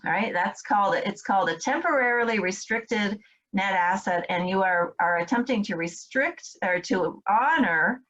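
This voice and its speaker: A woman's voice: mid-range voice, normal speed, a bit bright, muffled recording. A woman instructor giving a recorded training lecture, explaining step by step with frequent fillers and check-ins with her listeners. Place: home, in Michigan.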